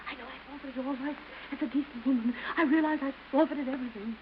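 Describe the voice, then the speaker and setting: A woman's voice: high voice, steady tone, fast talker, lo-fi sound, lightly acted. An actress playing a disgraced wife who begs tearfully to see her son, in theatrical early film style, on an old hissy soundtrack. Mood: pleading. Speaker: estranged wife. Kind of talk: early 1930s film acting.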